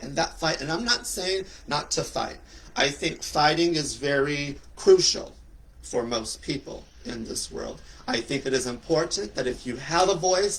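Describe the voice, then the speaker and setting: A young man giving a flamboyant, preachy motivational monologue, with sassy asides. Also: on the high side. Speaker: spiritual talk host.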